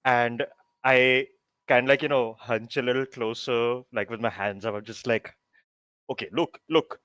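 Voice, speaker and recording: A man's voice: mid-range voice, steady tone, measured pace, fairly bright tone, smooth, no room sound, low-quality recording. A man playing a tabletop game, slipping into grandiose, boastful in-character bluster. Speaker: player.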